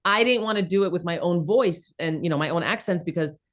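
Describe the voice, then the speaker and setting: A woman in her thirties with a New York accent, originally from the former Soviet Union, chatting as an interview guest in an animated, emphatic, blunt way. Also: fairly low pitch, fairly quick. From former Soviet Union, raised in New York City. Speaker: guest, comedian and content creator. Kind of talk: casual interview chat.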